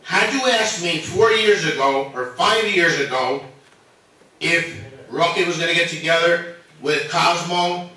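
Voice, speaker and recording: A nervous man with a somewhat high, bright voice delivers an earnest, emotional public statement at a meeting. He is picked up from a distance in a large, very echoey chamber. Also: measured pace. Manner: earnest, emotional, defending himself. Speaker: resident speaking at public comment. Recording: echoey hall from far off.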